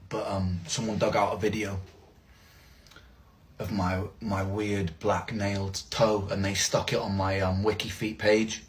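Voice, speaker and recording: Wry man with a low voice. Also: flat delivery, measured pace, pauses often, slight background noise. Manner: wry, self-mocking, swears freely. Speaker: streamer in a played clip. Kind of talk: casual chat to viewers.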